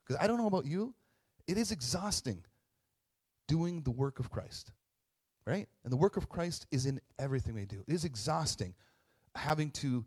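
A man's voice: medium pitch, expressive, fairly quick, mellow. Chatty pastor man in his thirties. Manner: chatty, tag questions, frequent restarts; self-deprecating humor. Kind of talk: casual conversational sermon.

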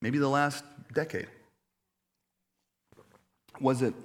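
Man, pastor, sermon, lively storytelling, audience asides, mid pitch. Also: normal speed, long pauses.

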